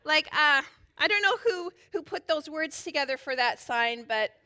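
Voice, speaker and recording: A woman's voice: high voice, lively intonation, moderate pace, pushed and bright. A woman pastor preaching a sermon in a chatty, playful way, joking and laughing easily with the congregation.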